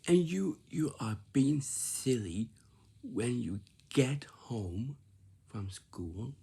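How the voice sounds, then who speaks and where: A man's voice: mid-range voice, lively intonation, drawn-out words, creaky, warm tone, slightly rough. A man giving a repetitive, lecturing instructional talk, often checking in with "right?".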